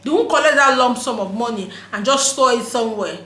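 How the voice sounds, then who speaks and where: A woman with a Nigerian accent, talking straight to camera in an emphatic, laughing vlog voice that drops into pidgin phrases. Her voice sits high, and the recording carries a roomy echo. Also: brisk, a bit bright. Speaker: vlogger. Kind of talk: casual opinion monologue.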